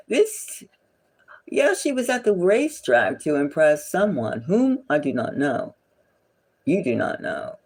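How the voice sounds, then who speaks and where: Indignant tarot reader with a lively voice. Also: mid-range voice, measured pace, slightly rough. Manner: indignant, repetitive, drifting into whispers. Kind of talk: casual tarot reading with gossip.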